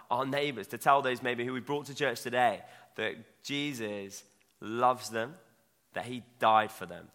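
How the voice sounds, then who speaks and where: In a church hall with long reverb, a young man preaches a sermon in a mid-range, sharp-toned voice. He keeps it conversational, tossing in self-mocking asides.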